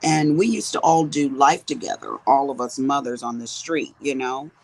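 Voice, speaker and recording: A woman in her fifties who chats to her viewers while crafting. She tells stories in a low voice. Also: normal speed, darkish tone, rough recording. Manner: chatty storyteller talking to viewers as she works. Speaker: crafting vlogger. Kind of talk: casual chat while crafting.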